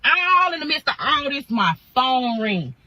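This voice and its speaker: A woman's voice: high voice, sing-song, measured pace, bright, forceful tone, no room sound, rough recording. A woman telling a dramatic storytime in slangy, punchy talk full of sound effects. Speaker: storytime creator. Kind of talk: animated storytime.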